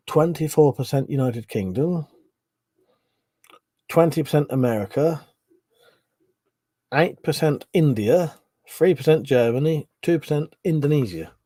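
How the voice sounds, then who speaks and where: A man's voice: on the high side, animated, slow, pauses often, a little mellow, husky, no echo. A man hosting a casual live stream, drunk, swearing a lot and laughing as he reads viewer comments. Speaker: livestream host.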